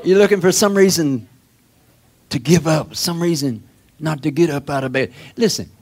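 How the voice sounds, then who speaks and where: A male preacher giving a sermon in an emphatic, repetitive way that swells to shouts. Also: a little high, moderate pace, a faint crowd.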